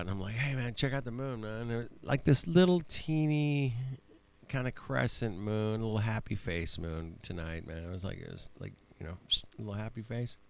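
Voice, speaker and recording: A man's voice: fairly low pitch, creaky. A man hosting a casual livestream chat, laid-back and laughing often, calling people man and bro and swearing freely. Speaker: livestream host.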